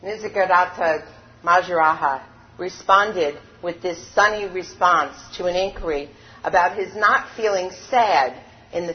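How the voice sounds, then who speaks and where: A woman preaching a sermon, emphatic and unhurried, leaning on key words and repeating them. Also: on the low side. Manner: slow, emphatic preaching with lively rises and falls. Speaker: spiritual teacher. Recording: dull lo-fi recording.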